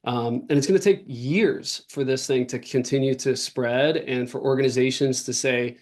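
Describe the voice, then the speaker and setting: A man's voice: mid-range voice, normal speed, hardly any pauses, darkish tone. Earnest man talking in long runs. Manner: earnest, talks in long runs with many fillers and restarts. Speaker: podcast guest, author and workshop leader. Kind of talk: casual interview talk.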